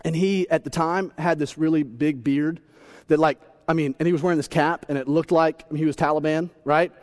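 Animated high-voiced male preacher. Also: moderate pace. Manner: animated, playful, acts out voices and shouts. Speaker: pastor. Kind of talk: humorous sermon.

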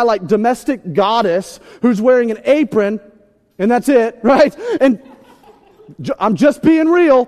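A man preaching a sermon, telling a funny story in an animated, conversational, self-deprecating way. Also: very high-pitched. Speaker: pastor. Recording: long hall reverb.

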